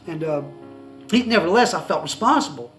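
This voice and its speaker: Excitable man, fairly high voice. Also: fairly quick, soft background music, rough recording. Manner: excitable, rambling, many restarts. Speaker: personal testimony speaker. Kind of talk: telling a personal story to camera. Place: indoors, seated facing the camera.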